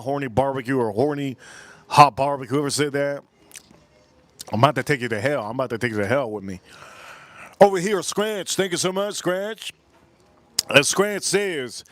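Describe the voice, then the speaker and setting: A man's voice: mid-range voice, no room sound. Rowdy, crude man livestreaming outdoors. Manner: rowdy, crude, repetitive, talks to chat. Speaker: livestream host. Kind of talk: casual livestream chat with viewers. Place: outdoors in cold weather.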